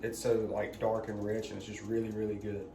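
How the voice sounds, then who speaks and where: A man's voice: fairly low pitch, completely flat delivery, brisk, gravelly, background noise. Young man, rambling casual chat, distant mic, echoey. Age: young adult. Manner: rambling storyteller, lots of "like". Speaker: vlog co-host. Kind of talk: casual chat while cooking. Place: home kitchen.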